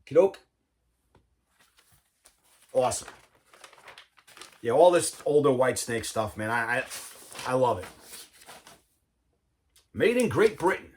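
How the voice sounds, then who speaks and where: A man's voice: mid-range voice, slight background noise. A man, casually talking viewers through his record collection, enthusiastic and loose, saying "man" and "all right" a lot. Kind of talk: casual show-and-tell vlog.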